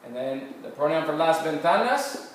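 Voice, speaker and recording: A man teaching a recorded Spanish grammar lecture, patiently explaining step by step and slowly modelling phrases. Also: on the high side, very animated. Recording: very echoey room, mic far off, faint noise.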